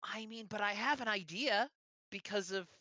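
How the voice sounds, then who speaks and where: A player in a tabletop game on a voice call, talking in an animated, hesitant way that often breaks off and restarts. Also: mid-range voice, normal speed, a crowd in the background. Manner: animated, hesitant, self-interrupting.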